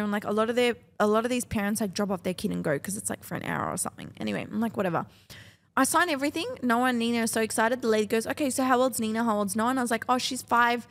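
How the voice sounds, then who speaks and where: A young woman tells a chaotic story on a podcast. Her voice sits a little high, and she swears freely and acts out what everyone said. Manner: animated, swearing, acts out other people's lines. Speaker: podcast co-host. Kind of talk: casual storytelling chat.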